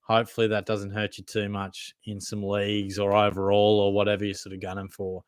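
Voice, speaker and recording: A young Australian man hosts a laid-back livestream Q&A, reading chat aloud and answering in an easygoing, blokey way. His voice sits on the low side and sounds dry and close, with no room around it. He calls everyone mate and swears without a second thought. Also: completely flat delivery, a little fast, smooth, dry recording. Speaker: fantasy football livestream host.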